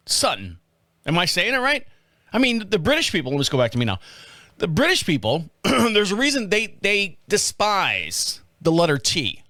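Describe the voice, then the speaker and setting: A man with a high, bright voice that swings all over the place, hosting a casual podcast. He jokes crudely and laughs at his own lines. The sound is dry and close to the mic. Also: no echo. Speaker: podcast host. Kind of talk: casual comedic commentary.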